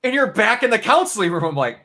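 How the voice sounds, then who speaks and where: A man's voice: high-pitched, quick pace. A young man casually reviewing a video game with a friend, animatedly retelling scenes and acting out the lines. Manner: animated storytelling, acts out scenes with quotes. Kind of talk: casual spoiler review chat.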